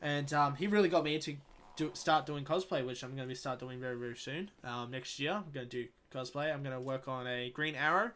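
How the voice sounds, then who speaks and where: A young Australian man tells a long story on his first podcast, rambling and swearing as he goes. His voice is bright and forward, and his pitch sits in a middle register. He acts out both sides of the conversations he quotes. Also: brisk, slight background noise. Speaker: podcast host. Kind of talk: casual storytelling.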